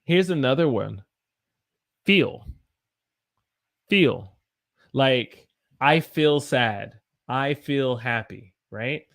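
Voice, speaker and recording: A man with a Southern US accent teaching English pronunciation, repeating example words again and again and answering viewer comments. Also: medium pitch. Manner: slow, repeats demonstration words over and over. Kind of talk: pronunciation lesson with viewer chat.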